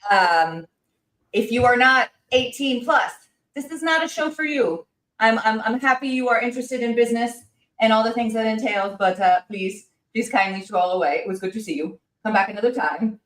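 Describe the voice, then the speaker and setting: A woman hosting a livestream, talking fast and excitedly with lots of fillers and restarts. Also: a little high, roomy sound, rough recording. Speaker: livestream host. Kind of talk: casual chat.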